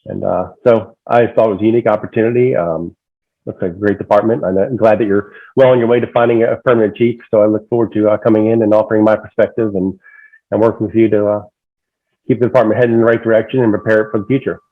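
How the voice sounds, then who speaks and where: A man speaks quickly and earnestly over a tinny, narrow phone line. His voice sits a little low, and he often trips and restarts his phrases as he answers a board's questions about fire service. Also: steady tone. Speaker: interim fire chief candidate. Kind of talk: remote interview answers.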